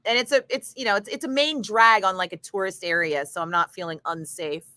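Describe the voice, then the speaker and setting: A woman radio DJ talking in a radio studio between segments, with a bright, crisp voice close to a dry mic. She tells stories in an animated way, laughing often and swearing freely. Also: medium pitch, a little fast, no room sound. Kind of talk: casual storytelling chat between on-air segments.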